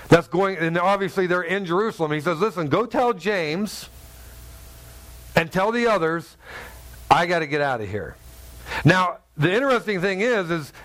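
A man's voice: a little high, a bit bright. A man preaching a conversational sermon who talks straight to his listeners and acts out the people in the story. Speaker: pastor.

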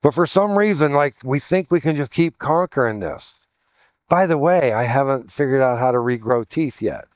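A man preaching a sermon and telling a humorous story about himself in a conversational, self-deprecating way, putting on lively voices for the people he quotes. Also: mid-range voice, moderate pace, no room sound, clean studio sound. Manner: animated voicing of quoted people. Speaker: pastor.

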